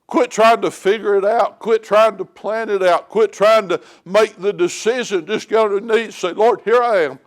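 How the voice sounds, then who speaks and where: A man with a high, light voice preaches a sermon in a church. He talks plainly and folksily, leaning on homespun stories. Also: fairly even intonation, normal speed, few pauses. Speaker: lay preacher. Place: church sanctuary.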